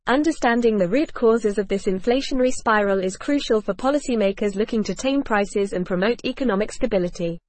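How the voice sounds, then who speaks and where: A woman's voice: mid-range voice, no echo. A woman co-hosting a scripted podcast discussion, with a polished, upbeat synthetic delivery. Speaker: podcast co-host.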